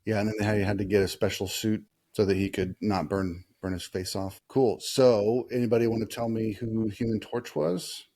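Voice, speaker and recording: A man with a fairly low, warm, mellow voice hosts a relaxed movie chat. He speaks easily, quizzes the kids with questions, and often pauses with "uh" as he thinks. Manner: easygoing, asks kids questions, many "uh" pauses. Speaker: podcast host talking with kids.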